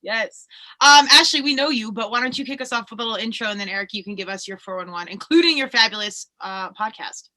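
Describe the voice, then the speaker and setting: Woman, podcast host, bright voice, slightly high, bubbly, animated, casual chat. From Colorado, USA. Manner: bubbly, animated and quick to laugh.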